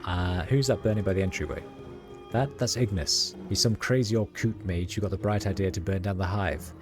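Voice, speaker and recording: Deep-voiced man reading game text. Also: brisk. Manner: reads every part in his own plain voice, with fillers. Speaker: streamer reading a game aloud. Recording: music playing behind.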